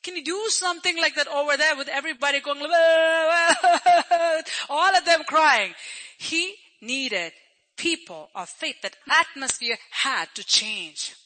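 Very high, bright-voiced male preacher. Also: animated, measured pace, rough recording. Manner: storytelling preacher who acts out crowd voices; conversational, repeats phrases for emphasis. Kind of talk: sermon.

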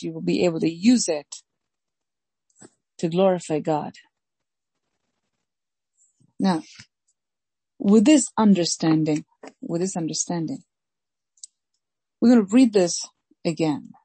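A woman pastor preaching a sermon slowly and emphatically, repeating key phrases and reading scripture aloud. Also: on the low side, warm tone, no echo, low-quality recording. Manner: slow, emphatic preaching with deliberate repetition.

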